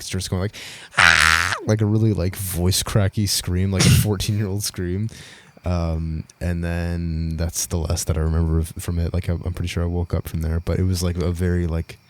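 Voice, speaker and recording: A man's voice: low-pitched, a little mellow. A young man co-hosting a podcast, telling a story in casual chat, rambling, swearing a lot and laughing as he goes. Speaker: podcast co-host.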